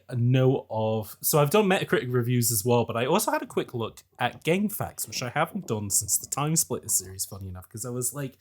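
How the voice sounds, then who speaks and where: A man co-hosting a podcast in casual chat over a call. His voice leaps high and drops low as he talks, and he laughs often. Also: a little mellow. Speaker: podcast co-host. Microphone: remote call mic.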